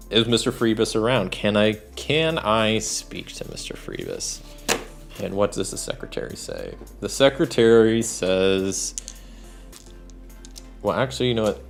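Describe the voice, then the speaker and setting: A man's voice: fairly low pitch, very animated, measured pace, vocal fry, soft background music. A man narrating his own solo tabletop game, thinking aloud and rolling dice, with a rambling manner full of fillers. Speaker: solo game master and player.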